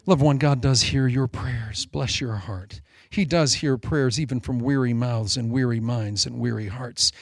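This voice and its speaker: A man in his forties preaching a sermon, animated and joking, with self-mocking asides. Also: mid-range voice, measured pace, vocal fry, hardly any pauses, no room sound, clean studio sound. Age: 40s. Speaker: pastor.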